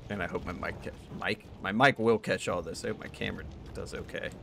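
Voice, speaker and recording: A young man in a let's play, talking through the game, excitable, swearing and thinking out loud. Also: low voice, brisk, vocal fry, a little hiss or hum. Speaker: gaming YouTuber.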